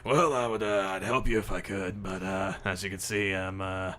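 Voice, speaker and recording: A man's voice: low voice, moderate pace, a little hiss or hum. A man voicing a wry ghost cop. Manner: wry, deadpan. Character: dry, sardonic ghost of a male cop.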